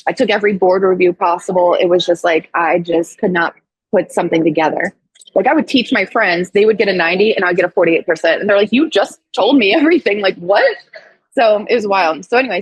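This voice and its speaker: Woman in her 30s, podcast guest, animated storyteller, slightly low husky voice, close dry sound. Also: dry recording, low-quality recording. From Missouri. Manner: animated, acts out quoted voices, frequent "like". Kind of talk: casual storytelling in an interview.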